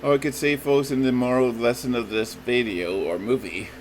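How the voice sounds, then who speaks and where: This trailer review comes from a YouTuber with a mid-range voice who speaks at a normal speed in a steady tone. It's casual and rambling, with lots of "folks" and restarted sentences, and the recording is rough with slight background noise.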